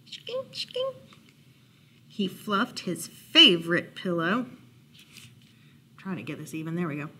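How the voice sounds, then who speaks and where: A woman librarian reading a bedtime picture book aloud, gentle and unhurried, with playful asides. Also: on the low side, animated, a little hiss or hum. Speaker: children's librarian storyteller.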